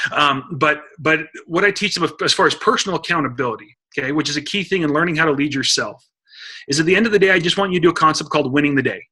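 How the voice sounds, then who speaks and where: A middle-aged man giving an energetic coaching talk to a sales team on a conference call, urging listeners he calls guys. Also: a little high, husky. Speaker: motivational speaker on a team call. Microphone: phone or computer mic on a conference call.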